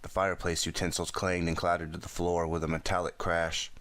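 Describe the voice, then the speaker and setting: Deep voiced guy reading a thriller audiobook, steady and dramatic, dry close mic. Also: brisk, hardly any pauses, no room sound. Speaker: audiobook narrator.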